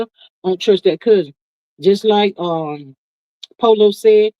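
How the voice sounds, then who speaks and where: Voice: medium pitch, darkish tone, dry recording, dull audio. A live-stream gossip host chatting casually with viewers, sassy and folksy, calling everyone "honey" and "child".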